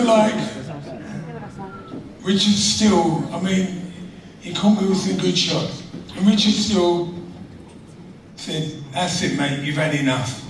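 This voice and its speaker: A middle-aged man, a retired boxer, laughing as he tells stories in a casual conversation. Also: high voice. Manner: laughing, animated storyteller. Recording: echoey room, distant mic, background noise.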